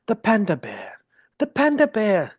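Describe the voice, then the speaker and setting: A man imitating a male nature documentary narrator with a grand, drawn-out delivery. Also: high-pitched, wildly swooping pitch, husky, dry recording, studio quality, pitched above the performer's own voice, full character voice.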